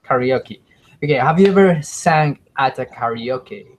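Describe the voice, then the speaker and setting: A man's voice: a little high, lively intonation, moderate pace, rough recording. Hesitant man practicing spoken English. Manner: hesitant, many restarts and searching for words. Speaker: English student. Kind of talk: casual conversation practice.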